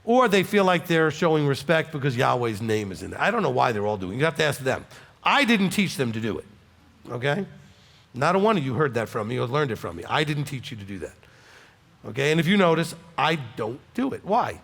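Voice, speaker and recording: A man's voice: mid-range voice, big pitch swings, a little fast, creaky, a bit bright, in a large hall. A man with a Southern US accent, a rabbi from Alabama answering congregants' questions conversationally and often adding "okay?" for emphasis. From Alabama, USA. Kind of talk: congregational Q&A teaching. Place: congregation hall.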